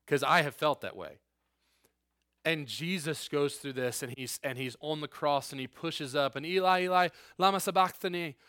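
A man's voice: medium pitch, moderate pace, fairly bright tone, dry recording. A male pastor delivers an earnest, conversational sermon. He mixes emphatic points with casual asides. His voice sits mid-range and sounds close and dry.

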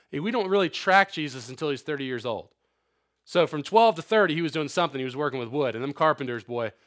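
A young man delivers a sermon to teenagers in a loose, talkative style full of asides. His voice sits a little high. His delivery swings from quiet, low stretches to loud, emphatic climaxes. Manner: animated, conversational preaching with asides and acted quotes. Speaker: youth pastor.

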